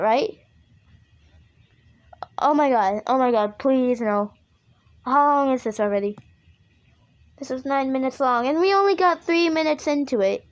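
A woman's voice: high voice, expressive, a little slow, long pauses, lo-fi sound. A woman doing casual reaction commentary, frightened, pleading with the screen and repeating herself. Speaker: reaction video host.

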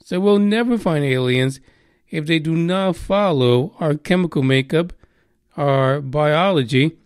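A man's voice: a little high, unhurried, smooth, no echo, clean studio sound. A man hosting a podcast, chatting casually and irreverently through the news with lots of swearing and rambling asides. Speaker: podcast host.

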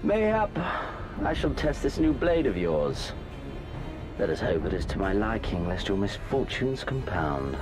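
An arrogant warlord prince from a video game, slow and scornful, his deep voice laced with disdain. Soft game music plays beneath the cutscene. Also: very animated. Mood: contemptuous. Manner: haughty, slow and contemptuous. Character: arrogant bloodthirsty warlord prince, bored by weak foes.

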